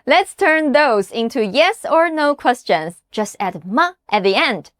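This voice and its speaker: A woman teaching a scripted language lesson, patient and deliberate, pausing for the listener to repeat after her. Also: sits high, very animated, no echo, studio quality. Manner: patient, slow drilling with repeat-after-me prompts.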